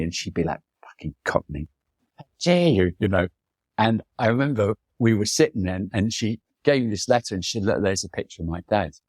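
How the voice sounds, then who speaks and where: A man with a low voice tells long, wandering personal stories in a relaxed interview. He slips into the voices of the people he quotes. The sound is dry and close, with no room echo. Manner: rambling anecdotal, mimics people in quotes. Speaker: photographer, podcast guest. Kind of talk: reflective storytelling in conversation.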